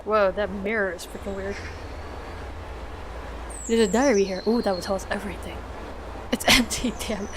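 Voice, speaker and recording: A woman's voice: medium pitch, steady tone, normal speed, long pauses, background noise. A woman casually commenting on a game she plays, reacting with swearing and laughter. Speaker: let's play gamer.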